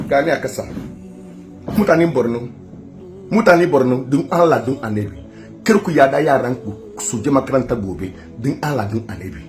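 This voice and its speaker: A Nigerian man making an impassioned online appeal to viewers, pleading and repeating himself with emphasis. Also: mid-range voice. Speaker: activist addressing viewers.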